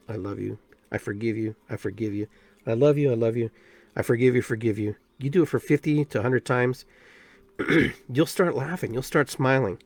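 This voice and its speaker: A man talks through spiritual self-help advice in an emphatic, animated way. His voice sits at a middle pitch. The recording is dry, with no room sound. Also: no echo. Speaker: podcast host and shaman.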